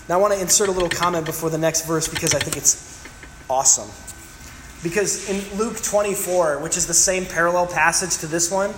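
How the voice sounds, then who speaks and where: A man preaching a sermon as pastor, animated and joking, acting out the scenes he describes. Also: sits high, a little hiss or hum. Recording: echoey hall with faint room ambience.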